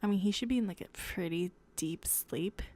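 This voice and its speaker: A young woman hosting her own podcast at home at night in a hushed, half-whispered voice, rambling and giggly and correcting herself as she chats casually. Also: fairly low pitch, normal speed. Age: young adult. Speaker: podcast host.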